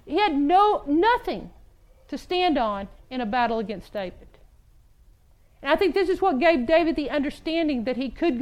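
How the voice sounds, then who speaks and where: A woman's voice: high-pitched, rough recording. A woman preaching a sermon in a conversational way, laughing between points and acting out the quotes she tells.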